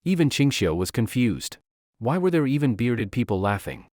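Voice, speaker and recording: Expressive male recap narrator. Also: mid-range voice, moderate pace, no echo, clean studio sound.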